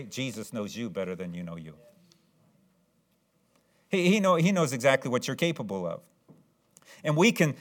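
A man preaching a sermon, reading scripture slowly and repeating phrases as he builds to loud, emphatic stresses. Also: mid-range voice. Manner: reads scripture aloud in slow, drawn-out cadence. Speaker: pastor.

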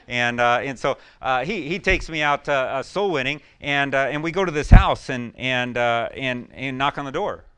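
Male pastor, mid-pitched, smooth and resonant, rambling folksy sermon with sudden whoops. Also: expressive, moderate pace, few pauses, fairly bright tone. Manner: folksy storytelling with many fillers, bursting into whoops.

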